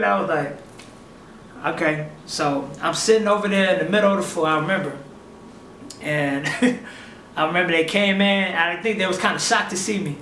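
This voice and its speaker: A young man casually telling a personal story, animated and acting out what others said. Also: sits high, a little fast, slight background noise. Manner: animated, acts out other people's lines in quotes. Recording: echoey room, mic at a distance.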